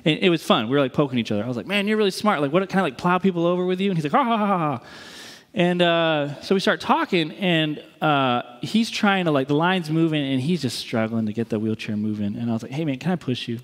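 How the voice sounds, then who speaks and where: A pastor from the East Coast preaching a sermon, telling a story with jokes and acted-out quotes, then praying. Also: male voice, on the high side, fast, hardly any pauses, big-room sound. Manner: animated, acts out quotes, jokey then earnest. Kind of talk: sermon with storytelling and closing prayer.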